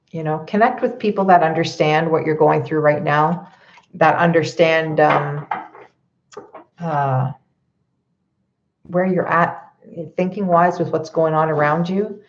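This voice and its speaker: A woman healer gives a live card reading, advising viewers conversationally, frequently checking in with "okay?" and laughing lightly between points. Her voice is deep, and the audio sounds dull.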